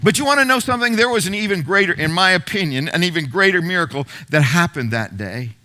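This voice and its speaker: A middle-aged man preaching a sermon as pastor, telling the story with repeated phrases and sudden hushed moments. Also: high-pitched, expressive, fast.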